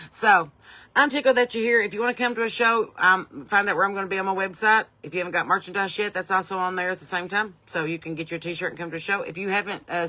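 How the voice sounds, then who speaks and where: Low-pitched yet bright and forceful, her voice comes through a rough recording. She's a Southern podcast host and country singer chatting folksily on a casual livestream from her home porch, calling out viewers by name.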